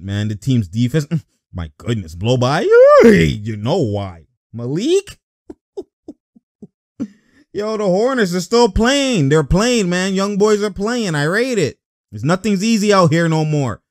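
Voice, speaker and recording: A man giving casual, excitable reaction commentary over basketball highlights, laughing often and talking in heavy slang. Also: slow pace, no room sound, studio quality.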